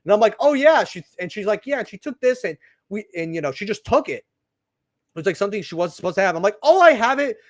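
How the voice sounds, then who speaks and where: Talking fast in a high-pitched voice, a young channel host opens trading cards while rambling through a story from work, peppered with asides and "right?" The studio-quality recording is dry.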